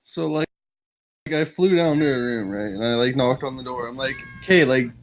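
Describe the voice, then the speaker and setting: A man's voice: medium pitch, normal speed, slight background noise, rough recording. A young man telling a story in casual podcast chat, rambling with lots of "like" and laughing as he goes. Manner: rambling, heavy use of "like", laughs while telling.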